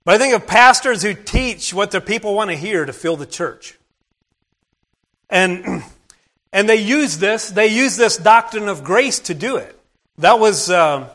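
Plain-spoken male preacher, slightly high voice. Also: a bit bright. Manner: plain-spoken, conversational storytelling with asides to the congregation. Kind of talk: sermon retelling a scripture story.

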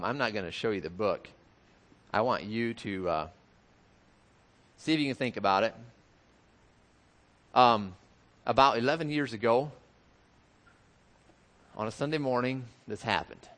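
A man's voice: mid-range voice, fairly bright tone. Male preacher, mid-range voice, reads aloud to kids, stops to talk to them, fixes his slips. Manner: reads aloud with restarts and asides to children. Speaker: pastor reading a children's story. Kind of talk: sermon and read-aloud children's story.

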